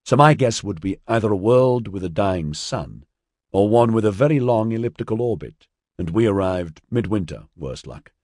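A man's voice: on the low side, moderate pace, dry recording, clean studio sound. A man voicing a practical young man on a freezing trek, reasoning things out matter-of-factly. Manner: calm, reasoning, matter-of-fact.

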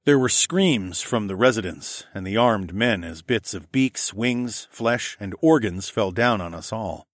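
Low-voiced man reading an audiobook. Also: unhurried, few pauses, no echo, studio quality. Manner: steady storytelling read, voicing dialogue with more energy. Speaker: audiobook narrator. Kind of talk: scripted first-person narration.

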